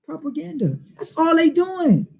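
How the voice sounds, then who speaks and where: A man's voice: extremely high pitch, sing-song, measured pace, gravelly, warm tone. A man teaching a Bible study in informal preaching style, emphatic and full of rhetorical questions and street slang.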